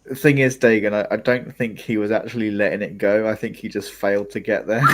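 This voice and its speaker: A man's voice: fairly low pitch, steady tone, brisk, heavy background noise. A young man, co-hosting a live football watchalong and chatting casually, often laughing. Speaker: podcast co-host. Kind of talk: live match watchalong commentary.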